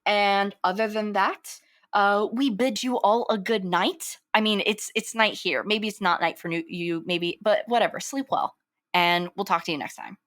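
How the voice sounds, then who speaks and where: Pembawa podcast perempuan yang ceriwis. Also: female voice, mid-range voice, normal speed, fairly bright tone, no room sound, clean studio sound. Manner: chatty, playful, giggly. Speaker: podcast co-host. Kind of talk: casual chat.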